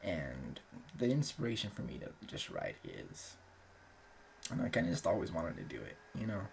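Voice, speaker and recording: A young man with a deep, gravelly voice talks casually as the host of his own channel. His speech is loose and rambling, peppered with filler words and the odd swear. His pitch swings widely, rising and dropping as he goes. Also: huge pitch swings, moderate pace, slight background noise. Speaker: aspiring author and channel host. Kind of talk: casual chat.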